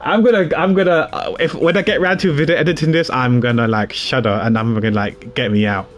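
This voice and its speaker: A man's voice: medium pitch, steady tone, fairly quick. A man streaming a video game, chatting casually and poking fun at himself. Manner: chatty, self-mocking, rambling. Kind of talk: casual livestream commentary.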